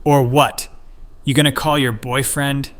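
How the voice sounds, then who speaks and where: A man's voice: mid-range voice, level tone, measured pace, natural voice. A man doing a taunting, menacing subway harasser. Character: pushy leering male harasser on a subway platform.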